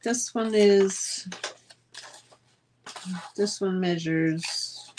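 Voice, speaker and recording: A woman's voice: mid-range voice, extremely slow, a little mellow, slight background noise. Chatty mid-lady rambling on a live sale stream, medium voice. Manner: chatty, rambling storyteller with frequent fillers. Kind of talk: casual live-stream chat.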